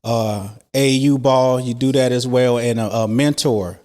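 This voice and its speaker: A man's voice: mid-range voice, a little slow, a little mellow. A man co-hosting a casual interview, setting up questions in an easygoing, slangy way. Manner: laid-back, slangy, leading questions with lots of fillers. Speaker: interview co-host.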